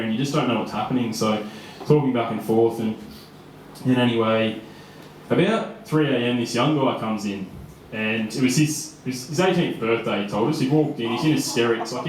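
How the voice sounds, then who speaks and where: A young Australian man in his twenties tells a personal story live on stage, chatty and casual, with frequent laughs and fillers. His voice is mid-range, and the echoey room recording has a little hiss or hum.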